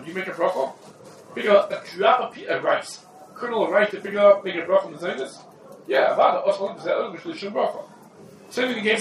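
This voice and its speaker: Man, high voice, rabbi's halacha class, casual asides, echoey room from afar. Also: a bit bright. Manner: conversational, quick asides, Yiddish and Hebrew terms. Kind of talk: informal Torah lesson. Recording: roomy echo from a distant mic with faint background noise.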